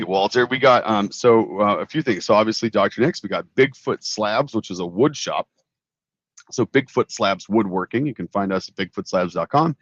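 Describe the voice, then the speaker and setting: A man's voice: lowish voice, no room sound. A man co-hosting a casual livestream from his honeymoon, easygoing and rambling with lots of fillers. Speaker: co-host, company owner. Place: outdoors on honeymoon at a beach resort. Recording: dull lo-fi stream audio.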